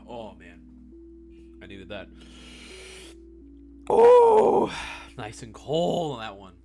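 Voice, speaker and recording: A man's voice: medium pitch, a bit bright. A young man hosting a casual live-stream Q&A, swearing freely and laughing often. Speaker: live stream host answering viewer questions.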